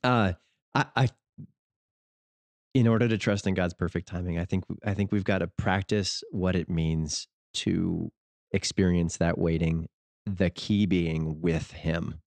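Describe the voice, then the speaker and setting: A man co-hosting a faith podcast, speaking in a measured, deliberate way. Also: low voice, steady tone, creaky, a little mellow, dry recording. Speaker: podcast co-host. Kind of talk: casual faith discussion.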